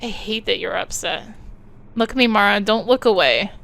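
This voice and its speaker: A woman doing a soft-spoken evasive teen boy. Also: medium pitch, moderate pace, vocal fry. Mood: coaxing. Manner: soft, hesitant, defensive. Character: teenage boy, evasive and placating.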